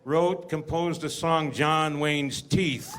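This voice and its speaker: A man introducing the next performer on stage, announcing in a halting way. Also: fairly high pitch. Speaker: emcee. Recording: loud crowd and room noise.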